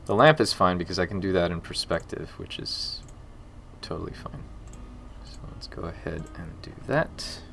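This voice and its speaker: Low-voiced man chatting on a dev stream. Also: lively intonation, normal speed, vocal fry, a bit bright, a little hiss or hum. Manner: rambling, jokey asides to chat, mutters while working. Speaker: game developer streaming his work. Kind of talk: casual live-stream chat while working.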